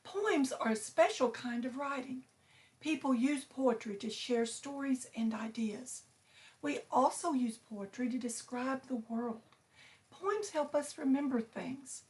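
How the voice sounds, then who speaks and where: A woman teacher reading a picture book aloud to her students, slow and clear, stressing each syllable. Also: high-pitched.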